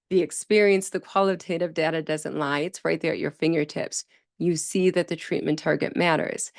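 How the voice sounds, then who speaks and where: A woman hosting a podcast about speech therapy, telling stories with lively emphasis and acting out the voices of people she quotes. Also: fairly low pitch, dry recording, studio quality. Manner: animated storytelling, acts out quoted voices, emphatic repetition. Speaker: speech-language pathologist podcast host. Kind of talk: solo podcast talk.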